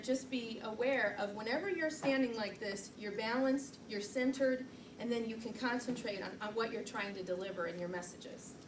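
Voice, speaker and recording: A woman's voice: on the high side, noisy background. Chatty woman trainer, distant roomy recording. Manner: chatty, self-deprecating, laughs often. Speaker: public speaking trainer. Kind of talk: live training presentation. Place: meeting room, recorded from the back. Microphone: far camera mic.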